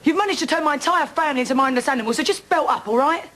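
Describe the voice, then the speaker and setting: Woman in a tv soap, high voice, bitter and sarcastic, holding nothing back. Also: animated, rapid-fire, fairly bright tone, slight background noise, poor audio. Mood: furious. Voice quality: bitter, sarcastic, then breaking down. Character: angry distraught East End woman confronting her attacker. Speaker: victim confronting attacker. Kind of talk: television soap drama acting.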